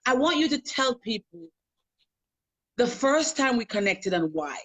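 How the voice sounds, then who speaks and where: A woman's voice: on the high side, big pitch swings, measured pace, a bit bright. Earnest woman coach hosting a live stream. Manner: earnest, repetitive, emphatic. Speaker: host and life coach.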